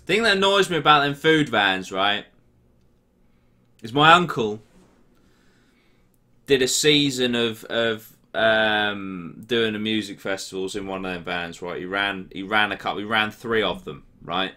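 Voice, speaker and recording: A man in his twenties with an English accent answers viewer questions in a casual chat, swearing freely and quickly getting worked up. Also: lowish voice, pushed and bright. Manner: ranty, sweary, quick to get heated.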